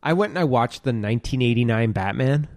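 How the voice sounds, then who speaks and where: A man's voice: medium pitch, expressive, brisk, no room sound, studio quality. Rambling man chatting about movies. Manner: rambling, filler-heavy, swears casually. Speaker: podcast host. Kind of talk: casual movie chat.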